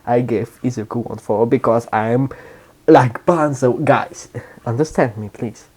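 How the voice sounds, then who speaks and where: A man telling an improvised fan story aloud in a rambling, halting way, often restarting and correcting himself. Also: mid-range voice, steady tone, a little mellow, breathy edge.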